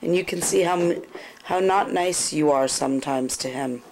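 A woman, a mother filming her children at home on a camcorder, gently scolding and cooing baby talk. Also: low-pitched, normal speed, background noise. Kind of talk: casual home-video narration and baby talk. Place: family home, indoors. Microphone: handheld camcorder.

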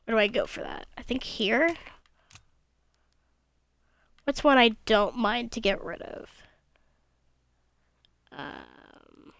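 Speaking slowly into a gaming headset, this young woman makes gaming videos and comments casually on her own play. Her voice is a little high, gravelly and fairly bright, with a slight lisp, and though very animated she sounds tired and cranky, mumbling asides to herself.

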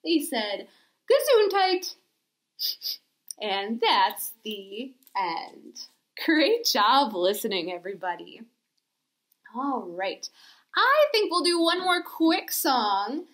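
A woman leading a children's storytime, speaking very slowly and deliberately. Her high voice rises and falls broadly as she coaxes young listeners with gentle, exaggerated prompts. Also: very animated. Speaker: children's librarian.

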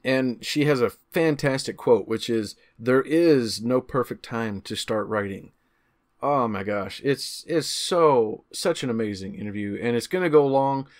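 Man in his thirties, podcast host, upbeat, playful, casual chat, medium pitch. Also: unhurried. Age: 30s. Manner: upbeat and playful, with some false starts.

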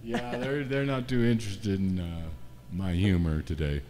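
A man hosting a live-stream music show from home, chatting casually and joking, with frequent pauses and fillers. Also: lowish voice, fairly even intonation, mellow, big-room sound. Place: home setup, not a studio.

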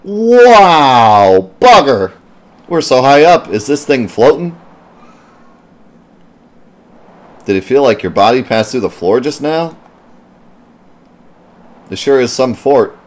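A man reading game dialogue aloud, putting on the voice of a brash, bossy young adventurer in a loud, shouty way. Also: medium pitch, sing-song, slow, voice pushed up. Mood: excited.

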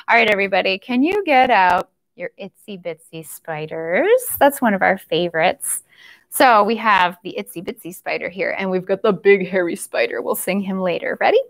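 A woman's voice: a little high, animated, a little slow. A woman leading a children's storytime, chanting nursery rhymes in a cheerful sing-song and stretching out the last words of each line. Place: library storytime recorded on camera.

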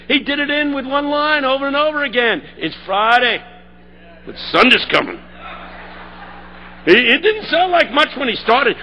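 A man preaching a sermon, telling a story and building to shouted call-and-response. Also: extremely high pitch, dull audio, slight background noise.

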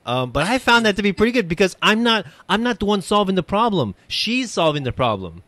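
Male podcast host, voice a touch high; relaxed talk full of restarts and repeated words, laughs often. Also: brisk. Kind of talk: casual chat.

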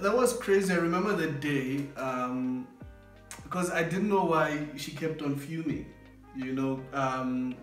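A man in a casual chat with his wife, talking in an earnest, indignant way with frequent "um" fillers. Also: fairly high pitch. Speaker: co-host of a couple's channel. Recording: echoey room, voice a bit far, soft music.

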